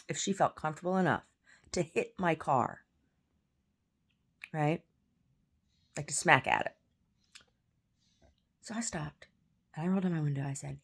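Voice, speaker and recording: A woman telling an angry story in a casual, profane rant with stammered restarts, at home. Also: low-pitched. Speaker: vlogger. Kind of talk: casual ranting monologue.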